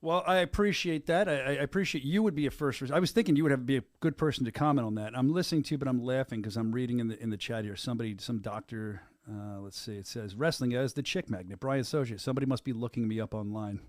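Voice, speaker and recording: A man's voice: medium pitch, quick pace, hardly any pauses, dry recording, clean studio sound. A middle-aged man hosting a casual podcast, joking and laughing often. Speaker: podcast host.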